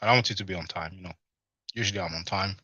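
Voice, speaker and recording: A man with a low voice hosts a live stream, talking very fast in a bright, forceful tone while eating and chatting loosely with viewers, saying "you know" a lot. There's no echo, but the stream audio is slightly dull and lo-fi.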